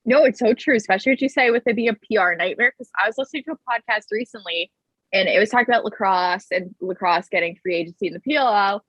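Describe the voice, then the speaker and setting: A woman's voice: mid-range voice, fast talker, a bit bright, slightly rough, no room sound, low-quality recording. A woman co-hosting a podcast in casual sports chat, blunt and profane, often breaking into laughter. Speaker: podcast co-host.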